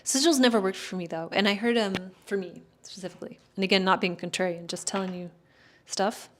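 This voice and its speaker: A woman's voice: mid-range voice, brisk, slight background noise. A woman astrologer in casual chat, answering viewer questions in a rambling, hedging way, full of fillers and self-corrections.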